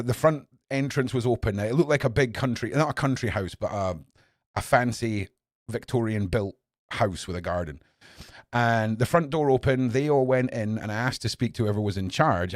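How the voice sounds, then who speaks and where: A man in his forties rants on his podcast, heated and profane. He drops to a mutter, then bursts into shouts. His voice is mid-pitched and sits close on a dry microphone. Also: no room sound. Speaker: podcast host. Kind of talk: angry opinion monologue.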